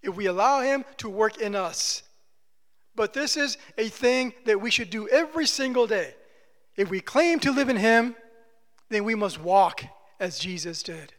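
A high-pitched man preaches a sermon, earnest and steady. He often sinks to a soft, tender hush on repeated words. His voice rings with the long reverb of a large hall. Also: unhurried. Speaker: pastor.

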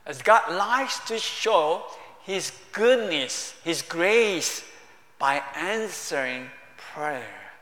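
Slow, high-voiced preacher in an echoing hall. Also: male voice. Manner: warm conversational preaching in broken English, rising to emphatic bursts. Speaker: pastor. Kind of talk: sermon. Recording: echoey hall with long reverb.

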